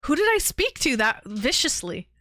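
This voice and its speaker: A woman's voice: high-pitched, big pitch swings, normal speed, sharp tone. A woman hosting a live call-in stream, chatting casually and teasing her callers in an upbeat way.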